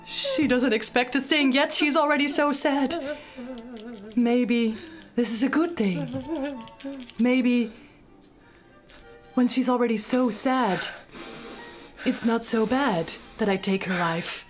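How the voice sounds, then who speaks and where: Death, played by a woman in a live puppet show, is a gloomy reaper full of guilt. The voice sits fairly high and drags slowly through a hesitant, self-pitying lament. Violin music plays clearly beneath it. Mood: sorrowful.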